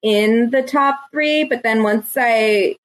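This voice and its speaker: A woman's voice: fairly high pitch, takes it slowly, poor audio. A woman co-hosting a podcast in casual chat, enthusiastic and rambling. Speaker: podcast co-host.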